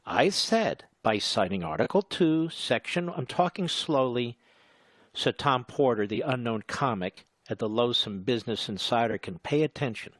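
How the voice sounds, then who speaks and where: A middle-aged man hosting talk radio, mocking and sarcastic, slowing down to spell out his points. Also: mid-range voice, lively intonation, a bit bright, no room sound. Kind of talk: combative talk radio monologue. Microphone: studio microphone.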